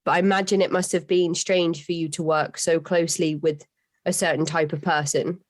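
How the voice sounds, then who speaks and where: A woman hosting a podcast interview, reacting to her guest in a careful, measured way. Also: low-pitched, fairly even intonation, no room sound. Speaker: podcast host. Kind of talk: interview chat.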